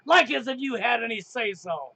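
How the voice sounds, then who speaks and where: A man's voice: extremely high pitch, expressive, moderate pace, creaky, sharp tone, no echo, poor audio. A middle-aged man hosting a talk show, speaking emphatically and sarcastically with frequent swearing. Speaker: podcast host. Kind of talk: heated casual talk show chat.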